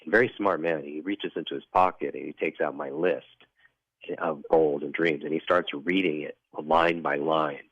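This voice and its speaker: A man being interviewed as a guest, telling a personal story in an earnest, reflective way, often halting and restarting. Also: rumbling low, steady tone, no echo. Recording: dull lo-fi dry recording.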